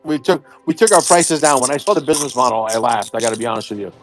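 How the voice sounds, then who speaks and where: A man hosting a podcast in casual chat, loud and profane, boastful and rambling with many fillers. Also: medium pitch, lively intonation, rapid-fire, soft background music. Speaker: podcast host.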